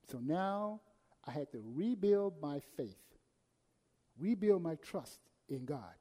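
A man preaching a sermon, swinging between loud emphasis and hushed, quiet passages. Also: on the high side, big pitch swings, takes it slowly. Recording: long hall reverb.

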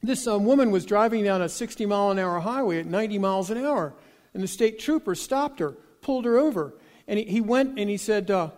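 A man's voice: sits high, expressive, a little fast, darkish tone, big-room sound. A man preaching a sermon, telling folksy joke stories and acting out the dialogue with animation. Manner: folksy storytelling with jokes.

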